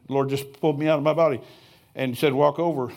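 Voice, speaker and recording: A man's voice: mid-range voice, steady tone, fast talker, a little mellow. An older man preaching a sermon in a church, telling stories in a folksy way with chuckling asides. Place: church sanctuary.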